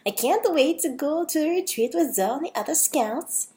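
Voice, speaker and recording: A woman's voice: sits high, animated, moderate pace, pitched above the performer's own voice. A woman doing a bubbly little Dutch girl. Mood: eager. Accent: put-on Dutch. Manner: bright, eager and polite.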